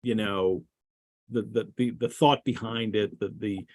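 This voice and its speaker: A man's voice: on the low side, steady tone, measured pace, a little mellow, dry recording. A man hosting a casual discussion of a classic novel, rambling with many restarts. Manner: rambling, lots of restarts and fillers. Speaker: podcast host.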